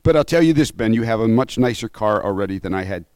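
Earnest, halting pastor, emotionally moved. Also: male voice, lowish voice, expressive, darkish tone, clean tone, dry recording. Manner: earnest, halting, with frequent restarts and asides. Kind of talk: conversational sermon.

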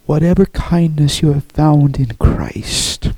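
A man's voice: fairly high pitch, slow, warm tone, no room sound, poor audio. A man preaching a sermon as pastor, earnest, often checking in with the congregation by asking "okay?".

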